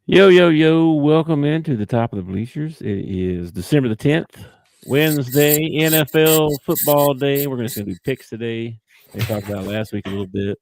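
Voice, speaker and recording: A man's voice: mid-range voice, animated, normal speed, a little mellow, slight background noise. A man hosting a podcast in easygoing, joking casual chat. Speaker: podcast host.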